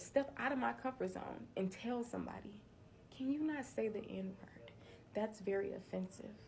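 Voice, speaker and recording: An earnest woman talks straight to her followers in a candid, conversational monologue that turns preachy at times. Her voice is gravelly and mellow, with a low, dark tone. A faint hiss of noise sits behind her. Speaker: social media creator.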